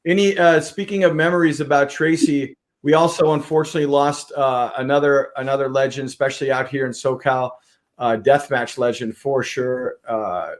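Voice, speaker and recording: A man's voice: medium pitch, steady tone, normal speed. A man hosting an interview podcast, talking casually with lots of restarts. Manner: rambling, many fillers and restarts. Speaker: podcast host.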